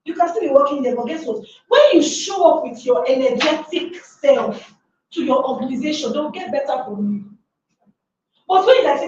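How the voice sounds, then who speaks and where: A woman's voice: high voice, very animated, normal speed, a little mellow, slight background noise. A woman giving a motivational workshop talk to a live audience, emphatic and full of rhetorical questions. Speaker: workshop speaker. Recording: echoey room from far off, dull sound.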